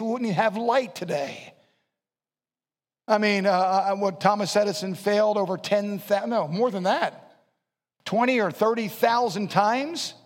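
A man preaching a sermon to young people, animated, dropping to low mumbles when he mimics excuses and rising to shouts. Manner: animated, swings from quiet asides to shouting. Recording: long hall reverb.

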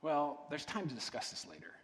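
An ashamed male ghost who pleads and makes excuses, read by a man with a fairly high voice. The words ring out with a long hall reverb behind them. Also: sing-song, a little fast. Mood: protesting. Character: weary ashamed male ghost clinging to his lizard.

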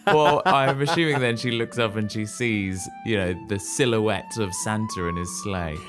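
A man's voice: fairly low pitch, normal speed, music in the background. A man co-hosting a podcast, chatting casually with dry joking asides. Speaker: podcast co-host. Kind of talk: casual chat.

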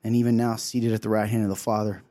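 A man's voice: on the low side, little pitch movement, quick pace, mellow. A man co-hosting a show, giving an emotional sermon-style talk, earnestly acting out quotes and often asking "right?". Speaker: co-host sharing a devotional.

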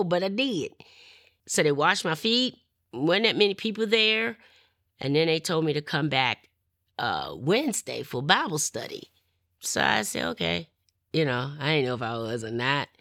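In an interview, a woman shares her personal testimony in a low voice that still rings bright and forceful. She acts out the people in her story, and the sound is dry and close, with no room around it.

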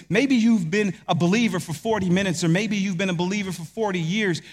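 Brief: male pastor, high voice, emphatic sermon delivery, rhetorical questions, long hall reverb.

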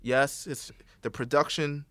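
A man's voice: medium pitch, steady tone, unhurried, fairly bright tone. A young man co-hosting a podcast in casual chat, loose and profane, joking and laughing often. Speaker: podcast co-host.

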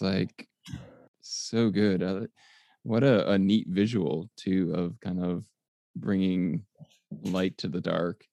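A middle-aged man hosting a casual conversation, gentle and reflective, affirming his guest. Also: low-pitched, creaky, dry recording.

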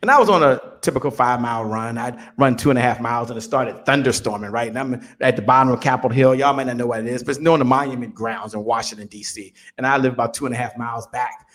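A man in his fifties, a business guest on an interview show, telling stories in an animated motivational way and often repeating words as he builds up. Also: mid-range voice, quick pace, hardly any pauses. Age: 50s. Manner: animated storyteller, repeats words when excited.

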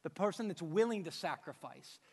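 A man with a high voice preaches an emphatic sermon, firing off rhetorical questions and hammering home repeated phrases. His voice rings with the long reverb of a large church hall. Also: lively intonation, moderate pace, gravelly. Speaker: pastor.

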